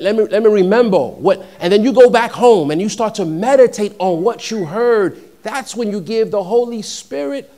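Young man, pastor from New York, preaching in a talky way that builds to loud, ringing peaks; voice sits a bit high. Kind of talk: sermon.

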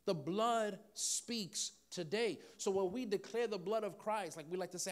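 A man's voice: sits high, unhurried, hardly any pauses. A man preaching a sermon, joking with the congregation and repeating phrases for emphasis. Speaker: pastor.

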